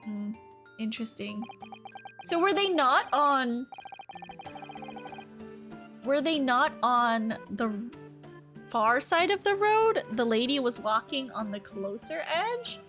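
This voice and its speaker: Giggly high-voiced woman streamer. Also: very animated, slow, long pauses, a bit bright, faint music behind. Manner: giggly, reads character lines in mock-serious voices. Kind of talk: casual game stream, reading dialogue aloud.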